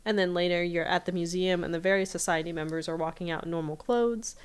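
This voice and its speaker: A woman's voice: fairly low pitch, steady tone, fast, clean tone. A woman podcast host casually recapping a cartoon episode in a chatty storytelling way.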